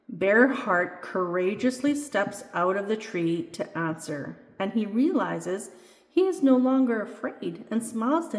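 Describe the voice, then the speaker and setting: Author reading her children's book: expressive female narrator, animated pitch, roomy reverb. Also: a little hiss or hum. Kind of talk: storybook read-aloud. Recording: echoey room with long reverb.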